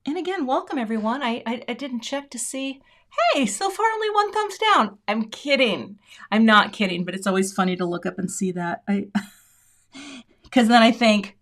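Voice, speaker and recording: A woman's voice: a little high, moderate pace. A middle-aged woman hosting a live crafting stream, chatting casually to viewers and thinking aloud as she works. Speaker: crafting livestream host. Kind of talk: casual live demo chat.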